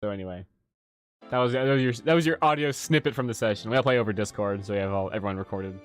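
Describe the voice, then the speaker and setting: A man hosting a casual livestream as a game master, rambling and swearing with many restarts. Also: medium pitch. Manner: rambling, profane, frequent restarts.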